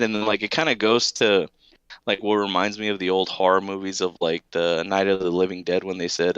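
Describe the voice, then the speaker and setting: A man's voice: low voice, a little fast, smooth, dry recording, lo-fi sound. A man on a casual podcast panel, telling comic stories with lots of "like" and acting out scenes. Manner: animated storyteller, acts out comic scenes in voices.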